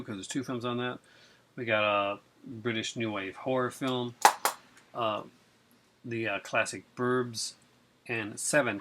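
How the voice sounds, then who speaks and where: In a casual unboxing vlog, a man with a medium-pitched voice rambles excitably with plenty of fillers. He sounds chilled after time out in the cold and rain, and there's slight background noise.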